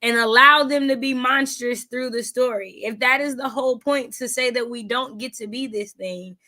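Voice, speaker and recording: A bright, lively woman hosts a relaxed online book chat. Her voice sits a little high, and she jumps into playful replays of her own reactions as she talks. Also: normal speed. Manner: animated, laughing, acts out her own reactions. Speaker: readathon host. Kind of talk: casual video-call book chat.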